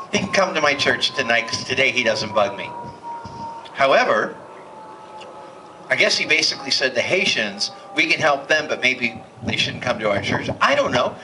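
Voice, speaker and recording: A man's voice: medium pitch, background noise. A man preaching a sermon in a church, impassioned and building to emphatic peaks. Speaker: pastor. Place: church hall.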